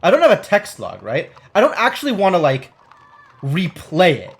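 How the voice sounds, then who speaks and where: A man with a high-pitched voice streams a game live at a moderate pace. He chats animatedly with viewers, scolds the game, reads its story text aloud, and talks back to both the game and the chat.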